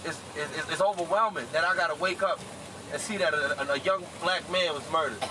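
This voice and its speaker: A man's voice: a little high, a little fast. A man in his twenties giving an impassioned, urgent protest speech outdoors, repeating his points with force. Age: 20s. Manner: fervent, repetitive, urgent. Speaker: rally speaker. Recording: loud crowd and street noise.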